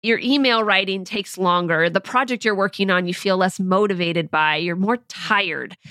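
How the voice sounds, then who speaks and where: A woman's voice: mid-range voice, no echo, clean studio sound. A woman in her thirties hosting a podcast, talking casually with filler words and light laughs. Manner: conversational, with filler words like "you know" and frequent soft laughs. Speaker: podcast host.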